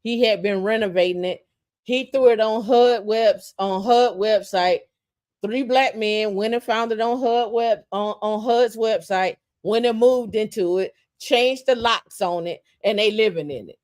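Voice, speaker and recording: Her voice sits in the mid range, darkish in tone, and she keeps a measured pace. As a podcast co-host sharing casual opinions, she rants with passion, hammering phrases through repetition and tripping into restarts in the heated moments.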